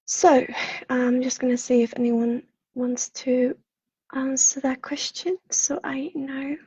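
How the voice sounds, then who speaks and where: A woman with a Swedish accent, a psychic counselor chatting on a livestream in a soft, apologetic, halting way with many fillers. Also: high voice, little pitch movement, breathy edge, dry recording. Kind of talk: casual livestream chat. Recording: dull lo-fi livestream audio.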